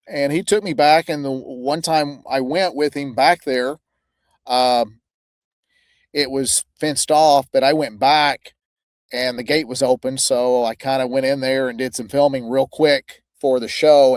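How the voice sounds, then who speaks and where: A male podcast host talks in an earnest, halting way and searches for his words. His pitch is average. The recording is dry, with no room sound. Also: steady tone, dry recording. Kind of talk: casual interview talk.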